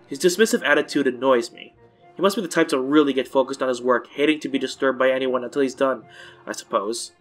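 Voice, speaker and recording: A man's voice: medium pitch, fast, faint music behind. A man hosting a let's-play, reading a visual novel aloud casually and correcting his own stumbles.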